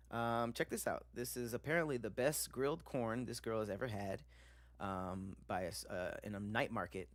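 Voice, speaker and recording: A man's voice: medium pitch, dry recording. A man streaming casually, chatting loosely with slang and swearing while he reacts to videos and reads viewer comments.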